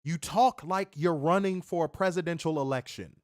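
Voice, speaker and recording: A man's voice: a little high, moderate pace, no room sound, studio quality. A man co-hosting a casual wrestling review show, joking loosely, reading chat comments and summarizing the episode. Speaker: podcast co-host reviewing wrestling.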